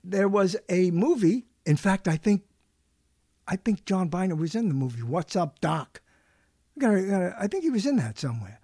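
A man's voice: high voice, big pitch swings, moderate pace, darkish tone, no echo, studio quality. A man hosting a talk show, chatting casually in a rambling, joking way with lots of fillers and restarts.

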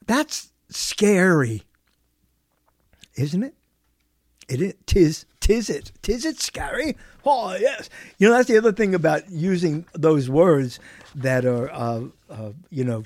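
Talk show host on a live night show, rambles and chuckles, pitch all over the place. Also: a little mellow, no room sound, clean studio sound.

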